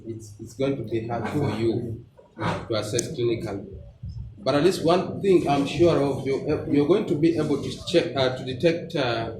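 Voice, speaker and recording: A man teaching a class on emergency life support, lively and questioning, often laughing as he explains. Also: mid-range voice. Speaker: medical trainer. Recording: echoey room, mic far off, background noise.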